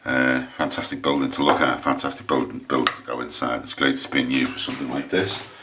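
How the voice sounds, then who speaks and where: Very deep-voiced English man, rambling. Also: steady tone, fast, background noise. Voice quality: low voice. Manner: rambling, hesitant, lots of restarts. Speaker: shaving vlogger. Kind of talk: casual chat while shaving on camera.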